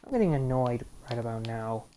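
A woman's voice: extremely low pitch, animated, brisk, dark tone, slight background noise. Exasperated gamer woman grumbling at gameplay. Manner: exasperated, grumbling at the game with sudden outbursts. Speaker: let's play gamer. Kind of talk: casual gameplay commentary.

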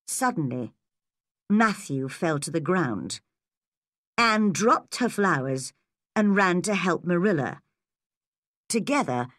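A woman reads a storybook aloud for English learners, slow, clear and measured. Her pitch moves in a lively way, and the close recording is dry. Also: no room sound. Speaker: narrator.

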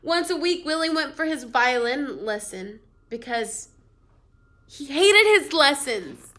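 A woman's voice: high voice, expressive, takes it slowly, pushed and bright. A young adult woman teacher reading a storybook aloud to her class, playful and full of asides.

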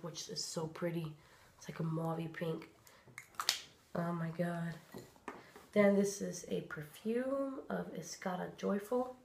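A woman vlogging at home, chatting excitedly about her presents and sometimes dropping to a whisper. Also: medium pitch, vocal fry, noisy background. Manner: gushing, chatty, drops to soft whispers. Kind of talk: casual vlog chat. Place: home, indoors.

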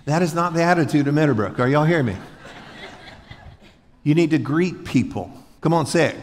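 Joking preacher in an echoey hall. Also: male voice, medium pitch, normal speed, long pauses, slight background noise. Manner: folksy, joking, asks the congregation to repeat after him. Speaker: pastor. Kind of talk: sermon. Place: large church hall before a congregation.

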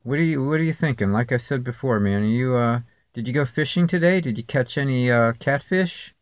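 A man's voice: mid-range voice, brisk, no echo. A man vlogging at home, talking in a sarcastic, rambling way straight at an unseen viewer. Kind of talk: casual monologue to camera. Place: home, near a street.

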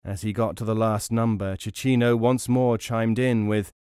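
A man reading folk tales aloud in a measured, even storytelling manner. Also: fairly low pitch, clear, resonant tone, no echo, studio quality. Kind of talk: audiobook storytelling.

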